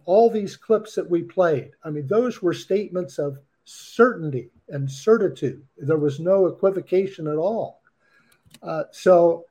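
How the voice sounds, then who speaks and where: A middle-aged man talks through ideas in a reflective podcast discussion, taking his time over each point. His voice sits a touch high for a man but sounds soft and dark in tone. His delivery is measured and thoughtful, slow and unhurried.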